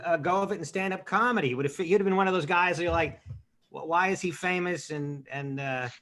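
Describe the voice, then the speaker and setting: Quick, bright-voiced man making wry remarks. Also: a little high. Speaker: comedian on a podcast panel. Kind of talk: casual chat.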